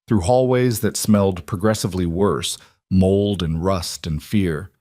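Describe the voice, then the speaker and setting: A man narrating a scripted drama story in a slow, dramatic reading. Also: low-pitched, a little mellow, dry recording, studio quality.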